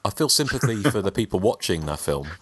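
Very low voiced guy on a podcast, lots of ums and restarts, dry close sound. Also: big pitch swings, quick pace, husky, no room sound. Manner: hesitant, many fillers and restarts. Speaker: podcast co-host. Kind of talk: casual chat.

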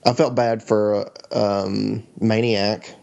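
A man co-hosting a casual podcast chat, relaxed, often saying "you know" and "like". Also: on the low side, takes it slowly, gravelly, dull audio. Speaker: podcast co-host.

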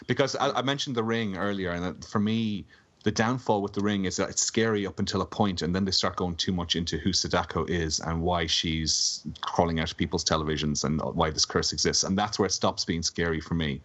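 Man, deep and husky voice, dry wit, muffled call audio. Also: a little fast, a bit bright. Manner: dry, joking. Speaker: podcast co-host. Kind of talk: casual film discussion. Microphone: remote call.

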